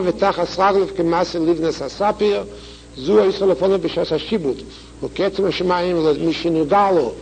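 High gravelly old-school teacher guy, rushes the hebrew then explains slow, faint hum behind. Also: a little mellow, low-quality recording. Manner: chants Hebrew quickly, then explains slowly with repetitions. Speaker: Torah teacher. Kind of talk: Talmudic lecture with text reading.

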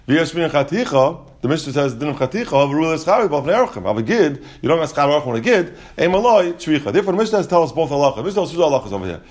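A man explaining Talmud in a casual class, rapid and full of restarts and asides. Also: a little high, big pitch swings. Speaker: Talmud teacher.

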